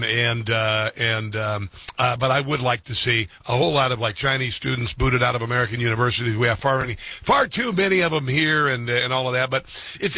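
A man's voice: mid-range voice, slightly rough, no echo. A man hosting a political talk radio show, rambling with many fillers and restarts. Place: Washington, D.C. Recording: dull lo-fi radio sound.

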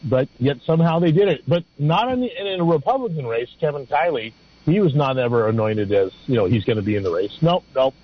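Husky male radio caller, rambling. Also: medium pitch, lively intonation, no room sound. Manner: rambling, halting, many restarts. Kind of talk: phone-in talk radio. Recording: dull lo-fi phone-in radio sound.

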